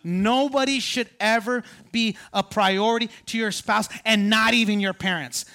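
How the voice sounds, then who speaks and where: A man preaching a sermon as pastor, animated, calling on the congregation to respond and jumping up in pitch for emphasis. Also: moderate pace.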